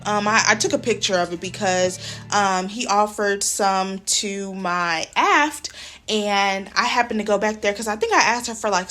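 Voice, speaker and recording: Chatty young woman vlogging from a hotel. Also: a little high. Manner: animated storytelling, slangy, says "y'all". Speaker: flight attendant vlogger. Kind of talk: casual chatty vlog. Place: hotel room, indoors.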